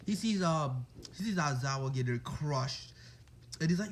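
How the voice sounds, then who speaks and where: Rambling excitable young man, slightly high. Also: moderate pace, a little hiss or hum. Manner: rambling, excitable, full of "like" fillers and apologies. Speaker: fan storyteller. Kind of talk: casual fan-fiction retelling.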